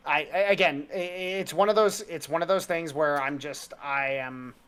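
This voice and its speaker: A man's voice: fairly high pitch, moderate pace, a bit bright, smooth. A man co-hosting a casual podcast, talking in a heated, rambling and profane way. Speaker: podcast co-host.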